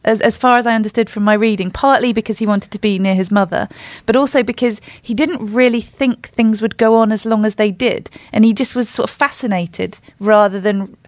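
Fast-talking woman co-host, musing. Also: mid-range voice, steady tone, darkish tone, dry recording. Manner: musing, conversational. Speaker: podcast co-host. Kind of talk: casual book-podcast talk.

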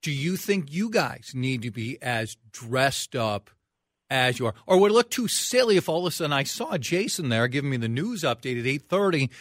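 A man's voice: mid-range voice, very animated, moderate pace, no room sound, studio quality. Easygoing middle-aged male radio host. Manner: easygoing, self-mocking, asks open questions. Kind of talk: casual radio chat. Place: radio studio.

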